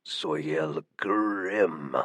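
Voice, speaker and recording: A man voicing a grim, monstrous undead hero with a horribly raspy voice, talking slowly and quietly in an audiobook. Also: no room sound, full character voice. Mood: hushed reassuring. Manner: slow, halting, low and hushed. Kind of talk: audiobook character voice.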